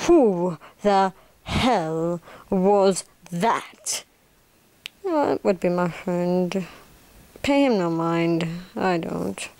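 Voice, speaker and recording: A woman voicing a smug male cannibal mastermind in an amateur role-play monologue, slipping into soft whispers. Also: mid-range voice, creaky. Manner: slow, drifting into soft whispers.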